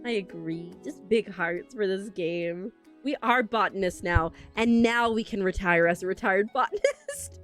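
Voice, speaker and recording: A woman's voice: medium pitch, measured pace, fairly bright tone, faint music behind. A young woman streaming a game, chatting casually to viewers in a gushing, emotional way with lots of fillers, close on a desk microphone. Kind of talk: casual livestream chat while playing.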